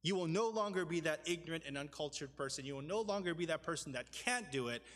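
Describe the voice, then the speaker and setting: A young man preaches with a fairly high voice, earnest and halting, full of fillers and restarts. His words ring out through the long reverb of a church hall. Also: lively intonation, fairly bright tone. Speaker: pastor. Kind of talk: sermon storytelling. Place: church sanctuary.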